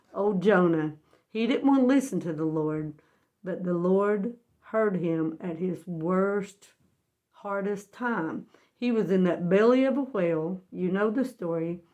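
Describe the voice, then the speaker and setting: Woman teaching bible stories, folksy and earnest, keeps asking listeners guess what, regular voice not high not low. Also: dark tone. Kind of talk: storytelling Bible lesson.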